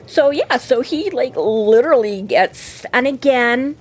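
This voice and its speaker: A woman's voice: high voice, lively intonation, unhurried, a little hiss or hum. A woman co-hosting a casual book podcast, rambling with lots of fillers and acted-out quotes. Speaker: podcast co-host. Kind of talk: casual book discussion chat.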